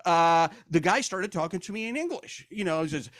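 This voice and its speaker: A man's voice: sits high, lively intonation, fairly quick, hardly any pauses, fairly bright tone, no room sound, studio quality. An older man from Argentina, doing stand-up comedy with self-deprecating jokes and lots of hesitant fillers. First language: Spanish. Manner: self-deprecating, hesitant with fillers, breaks into silly voices and songs.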